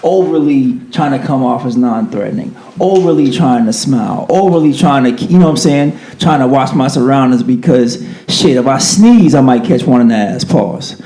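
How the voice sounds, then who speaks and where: A man telling stories in a casual podcast chat, animated and profane. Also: medium pitch, moderate pace, few pauses, reverberant.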